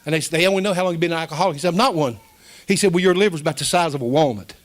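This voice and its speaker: A man's voice: on the high side, rapid-fire. A middle-aged man, preaching a folksy, emotional storytelling sermon as pastor.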